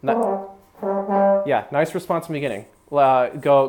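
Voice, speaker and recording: Faint music plays behind a young man whose fairly high, darkish voice is expressive and a little slow. Rehearsing a small brass group in a rehearsal room, he chats loosely, fills his speech with fillers, and sings syllables to model articulation.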